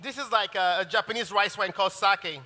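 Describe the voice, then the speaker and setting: Man chef, high voice, rambling demo patter, echoing hall. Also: fairly quick, bright, forceful tone. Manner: chatty and rambling, often restarts sentences. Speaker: chef teaching a cooking masterclass. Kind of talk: live cooking demonstration. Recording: long reverb of a large hall.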